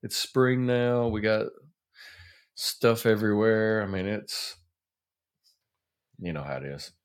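A man's voice: lowish voice, takes it slowly. Laid-back male podcast co-host. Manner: relaxed, brief friendly replies. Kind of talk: casual chat.

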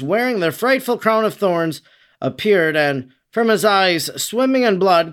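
A man's voice: high voice, a bit bright. A man reading a devotional narrative aloud in a solemn, dramatic manner, raising his voice for quoted lines. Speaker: reader.

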